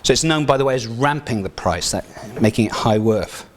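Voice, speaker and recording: Chatty older British lecturer. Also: male voice, medium pitch, lively intonation, fairly quick. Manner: conversational, with frequent restarts and asides. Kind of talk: academic lecture with video. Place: lecture hall.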